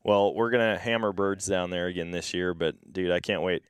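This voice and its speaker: A man's voice: low-pitched, fairly quick, clean tone, no room sound, clean studio sound. A young man from Wisconsin with an Upper Midwest accent, hosting a casual podcast chat and acting out the voices in his stories. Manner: animated storyteller, acts out quoted voices. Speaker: podcast host.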